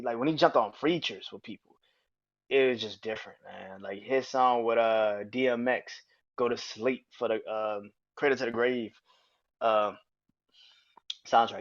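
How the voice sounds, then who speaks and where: Excitable young man ranting about rap. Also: mid-range voice, muffled recording. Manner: excitable, swears freely, lots of "like" fillers. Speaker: podcast host. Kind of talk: casual monologue about music.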